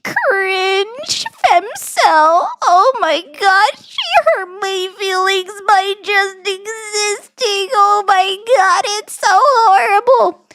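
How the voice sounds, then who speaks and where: A woman's voice: very high voice, very slow, a bit bright, no room sound, pitched above the performer's own voice, exaggerated voice. A woman putting on a whiny voice to mock a sneering male online troll.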